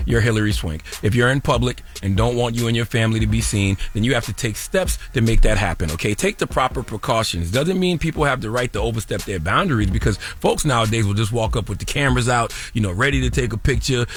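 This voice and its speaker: A man's voice: mid-range voice, lively intonation, fast talker, few pauses. Teasing male radio host. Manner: preachy, teasing. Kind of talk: radio commentary and banter.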